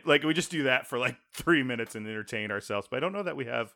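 Bright-voiced chatty man. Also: mid-range voice. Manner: chatty, laughing, quick asides. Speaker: podcast co-host. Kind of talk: casual chat.

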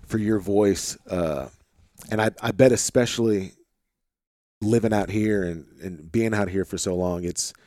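A man hosting a podcast with an Arkansas-tinged Midwestern accent, chatting in a relaxed, rambling way full of fillers, recorded in a home office. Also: on the low side, measured pace, no echo, studio quality. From St. Louis, Missouri. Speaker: podcast host. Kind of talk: casual conversation.

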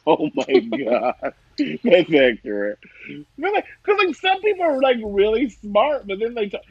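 Lively Ohio man chatting, slightly muffled. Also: very high-pitched, measured pace, creaky, no room sound. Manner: animated, laughing, mock-indignant asides. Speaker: podcast co-host. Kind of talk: casual chat.

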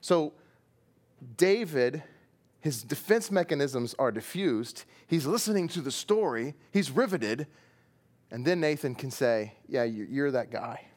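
A man's voice: medium pitch, measured pace. A middle-aged man from Texas with a Texan accent, preaching a sermon as pastor and acting out the story as he tells it. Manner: animated storyteller, acting out voices and sound effects.

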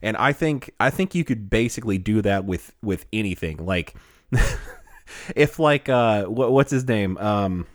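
A man co-hosting a casual chat show, animated and laughing often, often trailing off as he searches for words. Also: lowish voice, a little slow, no room sound, studio quality. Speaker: podcast co-host.

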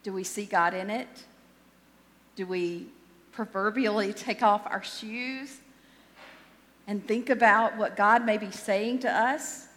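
A woman's voice: mid-range voice, steady tone, takes it slowly, pauses often, fairly bright tone. Lady pastor chatting thru her sermon, self-deprecating, trips over her words a bit, echoey church. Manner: conversational and self-deprecating, with frequent restarts.

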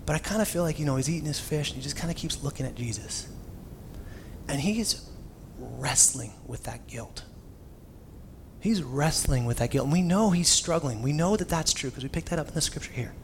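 A man's voice: a little high, quick pace, few pauses, slight background noise. Conversational young male pastor preaching. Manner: conversational storytelling with casual asides. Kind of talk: sermon.

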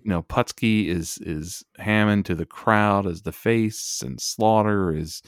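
A man's voice: on the low side, unhurried, no room sound, studio quality. A man co-hosting a wrestling podcast, chatting casually and enthusiastically, often restarting his sentences. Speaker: podcast co-host. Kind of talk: casual chat.

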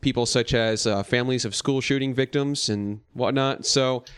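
A man's voice: medium pitch, fairly even intonation, normal speed, clear, resonant tone, dry recording, studio quality. A man hosting a casual podcast, joking and steering the talk between topics. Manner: jokey, steers the topics, laughs often. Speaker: podcast host. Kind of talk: casual chat.

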